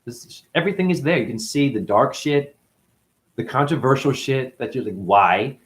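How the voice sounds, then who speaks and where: A man's voice: animated, moderate pace. A man in his forties hosting a rambling, profane livestream talk. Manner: profane, rambling, jumpy pitch swings. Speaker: host.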